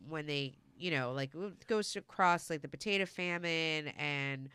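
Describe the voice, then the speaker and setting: A woman's voice: low voice, a little slow, bright, forceful tone, clear, resonant tone, no echo. A woman hosting a casual chat, talking loosely with many fillers. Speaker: host.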